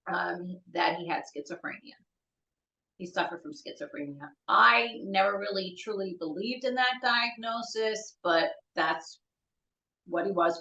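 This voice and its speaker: Middle-aged woman, lowish bright voice, halting tearful storytelling, echoey dull audio. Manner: halting, searching for words. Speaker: podcast guest, bereaved mother. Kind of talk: emotional personal storytelling.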